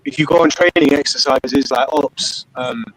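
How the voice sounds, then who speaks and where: A man's voice: mid-range voice, normal speed, fairly bright tone, no room sound, rough recording. A man with a southern English accent chatting casually on a live call, swearing freely between laughs. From Britain. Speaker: participant in open discussion.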